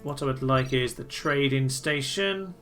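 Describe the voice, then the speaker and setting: A man's voice: mid-range voice, unhurried, a bit bright. A man giving casual, chatty commentary over a strategy game, with cheery self-deprecating asides. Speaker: gameplay commentator. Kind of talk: casual let's-play commentary. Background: game music underneath.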